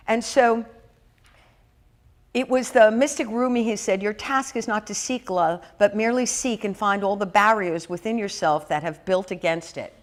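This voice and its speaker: Woman minister, middle-aged, conversational sermon delivery, lively asides, mid-range voice. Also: mid-range voice. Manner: lively, chatty preaching with asides and quick laughs. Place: church hall.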